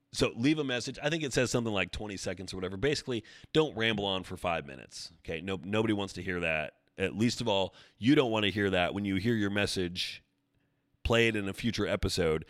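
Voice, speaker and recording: Low-voiced man rambling on a podcast. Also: a bit bright, no echo, clean studio sound. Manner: rambling, joking and self-deprecating. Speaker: fitness podcast host. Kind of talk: casual solo podcast chat.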